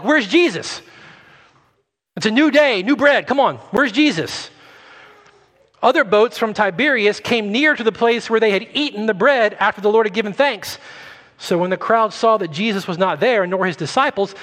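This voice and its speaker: A male pastor preaching a sermon emphatically, rising loud and dropping quiet. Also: high-pitched. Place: church sanctuary. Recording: long hall reverb.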